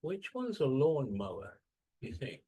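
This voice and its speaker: A man's voice: medium pitch, unhurried, breathy edge. A man teaching English in a classroom, quizzing students and stressing syllables as he models words. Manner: lively questioning, drawing out word stress. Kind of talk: classroom lesson.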